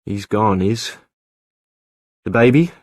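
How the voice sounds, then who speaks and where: A man narrating a storybook gives voice to a practical young lighthouse keeper, calling out loud, blunt and urgent with his pitch pushed up high. The recording is dry and close. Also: lively intonation, slow, no echo. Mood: alarmed. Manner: shouting urgently, blunt exclamations. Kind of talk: audiobook character voice.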